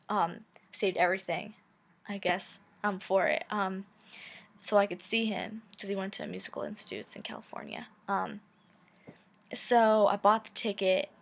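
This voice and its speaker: A woman's voice: medium pitch, creaky. A woman in her twenties telling a personal story to camera in a casual, chatty way, full of "like" and "um" and frank swearing. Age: 20s. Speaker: vlogger.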